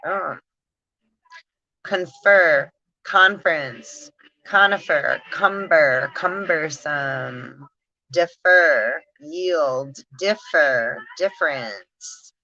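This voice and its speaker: A spiritual channel host, a woman with a low, bright voice, reads word lists aloud and muses casually, drawing out each word slowly and breaking into frequent giggles. The home-style recording sounds dry and a bit dull, with no echo.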